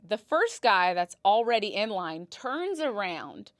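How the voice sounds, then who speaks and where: A young woman hosts a casual podcast and tells her stories with animated, dramatic delivery, swearing now and then. Her voice sits at an ordinary pitch for a woman. The sound is dry and close, with no room echo. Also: measured pace. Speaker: podcast host. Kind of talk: casual storytelling monologue.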